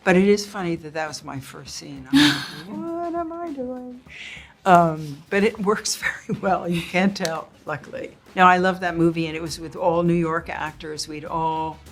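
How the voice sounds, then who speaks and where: A woman actor in an interview, reminiscing in an animated way and laughing often. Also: sits low, normal speed, hardly any pauses, soft background music. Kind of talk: casual interview chat.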